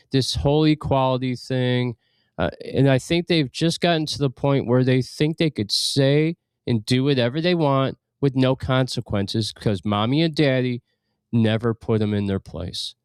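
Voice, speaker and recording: A man's voice: medium pitch, clean tone, no room sound. Man, talk-radio co-host, blunt, opinionated, casual chat, dry studio sound. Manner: blunt, opinionated, laughs while talking.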